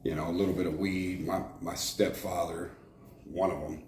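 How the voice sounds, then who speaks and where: A man's voice: low-pitched, level tone, normal speed, darkish tone. A man from Arizona, a former prison shot caller, telling his life story frankly in an interview, rambling with fillers and restarts. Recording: echoey room with faint noise.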